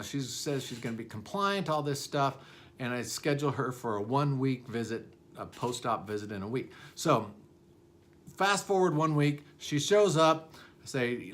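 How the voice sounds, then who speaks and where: A man's voice: fairly high pitch, fairly bright tone. A dentist in his forties telling a personal story about his student days, candid and self-deprecating, with lots of fillers and restarts.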